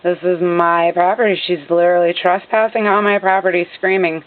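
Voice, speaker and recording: A woman's voice: medium pitch, lively intonation, brisk. Agitated woman on tinny phone-quality audio. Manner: agitated, indignant, repetitive. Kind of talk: narrating own recorded video.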